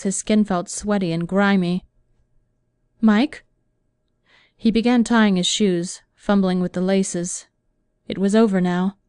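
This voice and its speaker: A woman narrating an audiobook in a measured, even reading voice. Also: mid-range voice, clear, resonant tone, no room sound, studio quality. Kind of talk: scripted narration.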